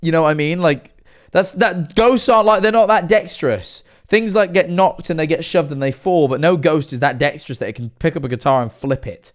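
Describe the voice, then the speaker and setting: A man's voice: fairly high pitch, fairly quick. A man livestreaming and reacting to videos, rambling with lots of fillers, getting worked up and then sheepish. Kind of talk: casual live-stream commentary.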